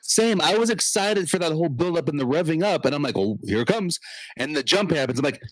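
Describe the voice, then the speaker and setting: A man co-hosting a podcast in casual chat, jokey with quick interjections. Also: fairly high pitch, expressive, no room sound, low-quality recording. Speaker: podcast co-host.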